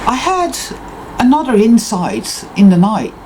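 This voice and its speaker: A woman talks in an intense, emphatic monologue that swears freely. Her pitch swings widely, and her tone stays mellow and warm. Faint noise sits behind her. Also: huge pitch swings, measured pace, poor audio. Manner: emphatic, intense and profane self-affirmation. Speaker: spiritual vlogger. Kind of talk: unscripted personal monologue.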